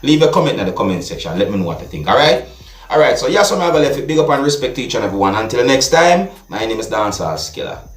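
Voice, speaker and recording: A man with a Jamaican accent giving casual video commentary as a vlogger, often checking in with the listener through quick tag questions. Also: mid-range voice, big pitch swings. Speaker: vlogger commenting on a viral clip. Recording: echoey room with faint music.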